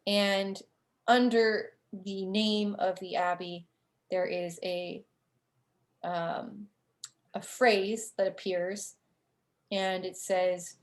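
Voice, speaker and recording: A woman game master narrating a tabletop game in a relaxed, rambling way full of fillers. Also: medium pitch, very slow, pauses often.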